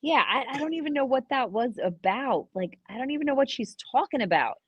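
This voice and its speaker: A woman's voice: high-pitched, a little fast, breathy edge, no echo, highs cut off. A woman co-hosting a casual aftershow, telling stories and acting out what others said. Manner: animated storytelling, acts out quoted dialogue. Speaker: co-host and former contestant.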